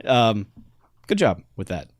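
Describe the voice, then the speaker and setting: A man's voice: lowish voice, very animated, takes it slowly, dry recording, studio quality. A man co-hosting a casual gaming podcast, rambling through his points and laughing often. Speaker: podcast co-host. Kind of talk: casual chat.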